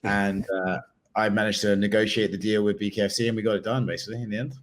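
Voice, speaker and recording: A man with a somewhat low voice talks quickly and casually as an interview guest. He jokes about himself in a dry, offhand way. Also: little pitch movement, a little hiss or hum. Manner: dry, self-mocking humor. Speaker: interview guest, fighter and media reporter. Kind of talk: casual chat.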